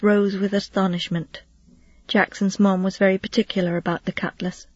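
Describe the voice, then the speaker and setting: A husky, slightly breathy narrator reads a children's novel aloud with steady storytelling and light character touches. The sound is close and dry, on a dull lo-fi recording. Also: medium pitch, normal speed, dry recording. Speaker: audiobook narrator.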